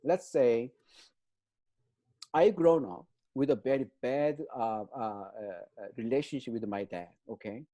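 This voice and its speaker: A man's voice: medium pitch, measured pace, warm tone. A man explaining trauma as an interview guest, in non-native English phrasing, with many fillers and frequent "right?" check-ins.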